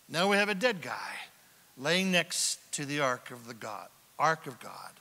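A male pastor preaches in a church sanctuary, his voice high and bright as the sound rings through a long hall reverb. He reads scripture slowly, puts questions to the congregation, and drops from near-shouts to hushed whispers for drama. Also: sing-song. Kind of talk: sermon.

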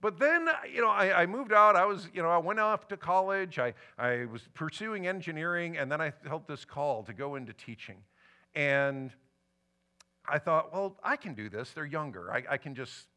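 Bright-voiced man preaching a personal story. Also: on the high side. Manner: personal storytelling with lively emotional swings. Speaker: pastor. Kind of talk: sermon. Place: church sanctuary.

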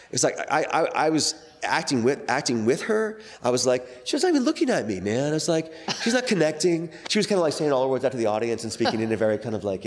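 Middle-aged male actor, interview guest; quick, rambling, full of "like" and restarts, mid-pitched. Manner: rambling, many fillers and restarts. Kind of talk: casual interview talk.

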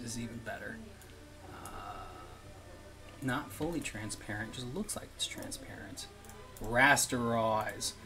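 A man's voice: medium pitch, a bit bright. A man hosting a live stream, chatting casually and rambling, laughing often and dropping into murmurs and whispers. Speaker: streamer host.

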